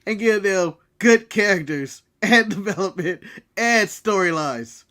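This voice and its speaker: High, bright-voiced brash American man. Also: expressive, unhurried. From United States. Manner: brash, ranting and joking. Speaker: podcast co-host. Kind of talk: casual wrestling recap chat.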